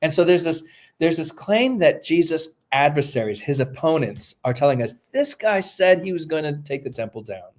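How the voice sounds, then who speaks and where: A man's voice: a little high, animated, normal speed. A male New Testament scholar, a podcast guest, explaining texts step by step while thinking aloud with many fillers and restarts. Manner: lecturing, walks through texts step by step.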